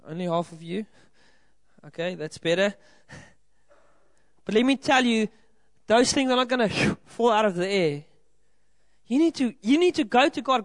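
In a dry recording, a high-pitched South African man preaches to a congregation in a church hall. He is animated and keeps a moderate pace with long pauses. As their pastor, he speaks directly to the people, earnest and encouraging.

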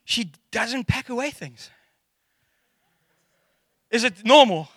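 Animated, jokey South African preacher. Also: male voice, extremely high pitch, takes it slowly, no echo. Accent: South African English. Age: middle-aged. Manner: animated and jokey, acting out quotes. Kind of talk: casual sermon.

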